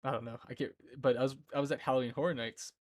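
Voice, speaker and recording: A man's voice: mid-range voice, steady tone, fast, dry recording. A man in his twenties chatting casually on a live stream from home, rambling and often breaking into laughter. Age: 20s. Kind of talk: casual chat. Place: indoor room at home.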